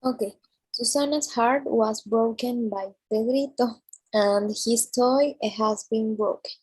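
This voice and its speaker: Slow, hesitant woman student, breathy. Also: on the high side, a little mellow, rough recording. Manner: hesitant, many fillers. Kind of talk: reading and explaining answers in class.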